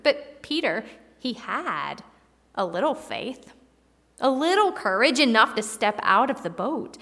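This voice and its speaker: A woman preacher giving a reflective sermon with dramatic pauses, in a church hall. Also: high-pitched, fairly bright tone. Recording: long hall reverb.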